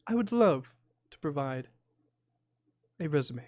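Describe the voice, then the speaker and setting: Smirking young woman writer, poised and arch, voiced by a man, slightly high, dry close mic. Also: animated, unhurried, a little mellow, no echo. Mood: poised, prim. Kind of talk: tabletop game role-play.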